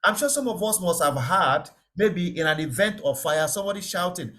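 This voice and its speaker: Man teaching safety, lively pitch. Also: normal speed. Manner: explanatory, repeats key words, checks understanding. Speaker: safety trainer. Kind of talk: online lecture.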